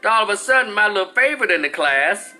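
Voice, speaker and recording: A high-voiced man in his forties rants through a story, swearing freely and acting out the people in it. His tone is very bright and tense, with faint music underneath. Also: expressive, quick pace. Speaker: commentator. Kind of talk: profane storytelling rant.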